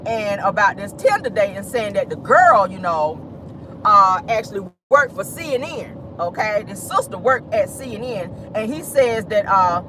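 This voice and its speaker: A vlogger hosting a casual celebrity gossip monologue from inside a car, sassy and quick to laugh, calling listeners "honey" and "child.". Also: mid-range voice, expressive, bright, forceful tone, a little hiss or hum. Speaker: vlogger and gossip show host.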